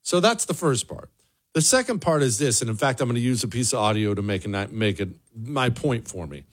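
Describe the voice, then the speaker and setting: Speaking a little fast in a mid-range voice with lively intonation, a man hosts a political commentary show. The solo monologue is sarcastic and emphatic, full of deliberate repetition.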